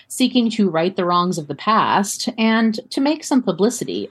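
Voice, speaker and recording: This medium-pitched woman's voice has a breathy edge. As a co-host on a casual podcast, she tells a history story in a chatty way, reading quotes aloud and laughing often.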